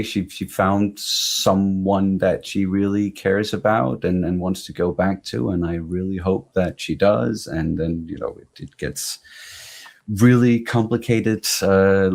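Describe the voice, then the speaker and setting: A man with a Danish accent and a very low voice, chatting on a casual panel. He talks in a halting way, circling back with fillers and restarts before he lands a thought. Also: darkish tone. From Denmark. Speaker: guest reactor on a panel.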